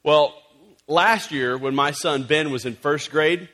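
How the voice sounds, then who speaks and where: Animated pastor preaching a casual sermon. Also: male voice, fairly high pitch, slow pace. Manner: animated, conversational, many fillers. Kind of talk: storytelling sermon. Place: church service.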